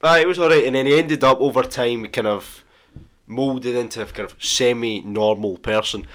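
A man's voice: medium pitch, normal speed, a bit bright. Teasing, crude young man. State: tipsy. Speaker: podcast co-host. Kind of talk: casual chat.

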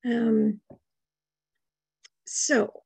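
A woman hosting an online talk, calmly organizing breaks and questions. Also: fairly high pitch, very slow, vocal fry, husky, dry recording. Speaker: host.

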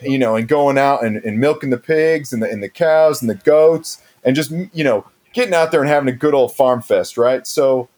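A man's voice: fairly high pitch, a little mellow, close to an everyday voice. A man playing an earnest political candidate who hedges, leans on fillers and turns sappy. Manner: hedging, filler-heavy, sappy. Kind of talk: improvised comedy interview.

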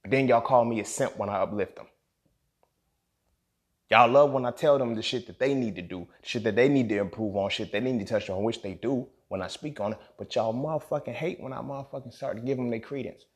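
A man's voice: mid-range voice, brisk. A man hosting a podcast, venting in an impassioned solo monologue, angry and emotional, emphatic and profane, often checking in with "you feel me". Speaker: podcast host.

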